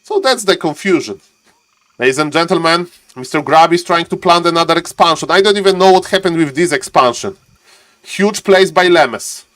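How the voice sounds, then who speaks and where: A man giving live esports commentary as a streaming caster. He moves from calm chatter straight to viewers into bursts of repeated, high-pitched shouting when the action heats up. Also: normal speed.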